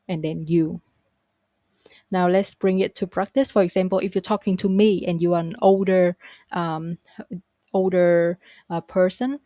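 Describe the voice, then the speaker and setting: A woman with a Vietnamese accent teaching her native language, modelling phrases slowly and carefully for learners to repeat. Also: fairly low pitch, warm tone, no room sound, studio quality. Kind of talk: spoken language lesson.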